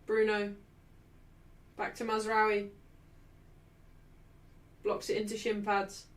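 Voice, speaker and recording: A woman's voice: medium pitch, completely flat delivery, slow pace. A young woman hosting a live football watchalong, ranting in exasperation at her team. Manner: shouting in frustration. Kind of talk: live match watchalong commentary.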